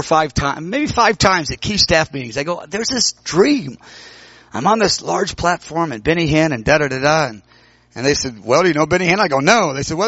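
A man preaching, telling a personal story and acting out the dialogue with sudden high exclamations. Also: a bit bright, dry recording, lo-fi sound. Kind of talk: sermon storytelling.

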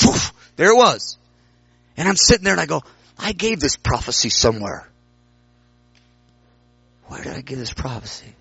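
A bright, fairly high-voiced man preaches in storytelling mode, acting out conversations and jumping into sharp, high exclamations. The sound is dry and a little dull. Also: creaky, dry recording. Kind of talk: sermon storytelling.

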